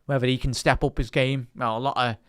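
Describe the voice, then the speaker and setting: A young man with a Liverpool accent doing a live watch-along of a football match, talking casually with his chat and lifting into quick play-by-play when the ball is in play. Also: medium pitch, little pitch movement, clear, resonant tone, no room sound, clean studio sound. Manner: chatty, reads live chat aloud and lifts into play-by-play calls.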